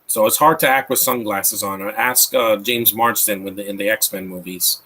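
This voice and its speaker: A man's voice: fairly low pitch, normal speed, sharp tone, a little hiss or hum. A man in his thirties giving a rambling, mocking live commentary over a movie, with frequent restarts. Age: 30s. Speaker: film commentator.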